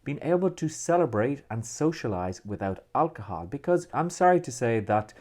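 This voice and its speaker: A man with an Irish accent presenting a marketing tutorial video with lively, swooping emphasis. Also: mid-range voice, moderate pace.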